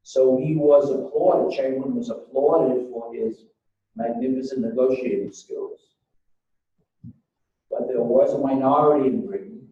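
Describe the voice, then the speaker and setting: Guy lecturing, retells history like a story, mellow voice, big echoey room, kinda far from the mic. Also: mid-range voice, muffled recording, a little hiss or hum. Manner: storytelling, retells exchanges as dialogue. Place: lecture hall.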